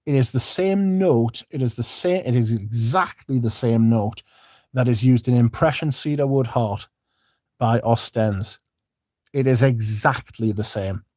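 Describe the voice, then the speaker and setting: A man's voice: mid-range voice, measured pace, darkish tone, no echo, studio quality. A man hosting a casual livestream, reading out viewer comments and chatting in a rambling, laid-back way with the odd swear. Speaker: livestream host.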